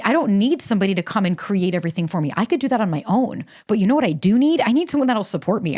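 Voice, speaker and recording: A woman's voice: mid-range voice, a little mellow. A woman hosting a solo podcast, talking casually and emphatically, with frequent swearing. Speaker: podcast host. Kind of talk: solo podcast monologue with ad read.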